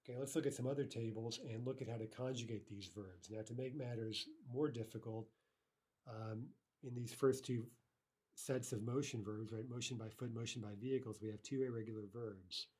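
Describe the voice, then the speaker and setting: Mellow-voiced man teaching a language lesson. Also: mid-range voice, steady tone, moderate pace, breathy edge. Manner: explains patiently, filler-heavy, reads example sentences aloud. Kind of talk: recorded online lesson.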